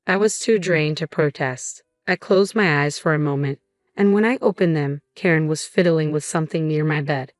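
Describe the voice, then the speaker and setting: A woman reading a scripted first-person story in an even, measured way. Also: low voice, dry recording, soft background music. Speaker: narrator.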